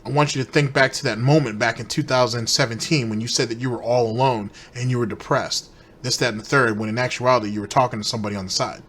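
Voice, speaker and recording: A man's voice: medium pitch, fairly even intonation, quick pace, fairly bright tone. A man hosting a commentary show, delivering a heated, repetitive, accusatory rant aimed straight at one person. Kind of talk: ranting commentary.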